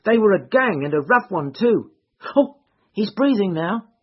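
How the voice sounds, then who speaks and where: A man reading aloud and voicing an excited woman bystander in a street crowd, who talks eagerly and with emphasis. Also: high voice, a little slow, husky, muffled recording, voice pushed up, full character voice.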